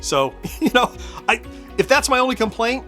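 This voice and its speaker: Soft music plays behind a middle-aged retro gaming host whose very high, sharp voice swings widely in pitch at a moderate pace. He keeps up casual, laugh-filled commentary while playing, thinking aloud as he goes.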